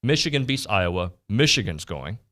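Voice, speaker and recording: Low-pitched guy hosting sports radio, casual back and forth, trails off and restarts a lot. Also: big pitch swings, normal speed, a bit bright.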